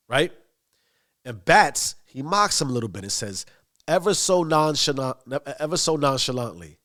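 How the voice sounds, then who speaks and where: A man's voice: a little high, very animated, moderate pace, fairly bright tone. A man giving a motivational monologue, emphatic and given to long lists. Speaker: motivational speaker.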